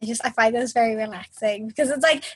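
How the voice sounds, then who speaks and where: A woman co-hosting a podcast in a casual chat, chatty and animated as she retells a story. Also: a little high, fast talker, breathy edge, no echo, rough recording. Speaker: podcast co-host.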